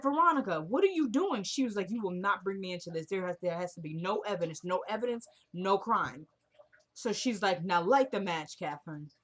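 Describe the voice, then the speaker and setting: A young woman casually recapping a TV drama episode, retelling each scene by acting out the characters' lines. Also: medium pitch.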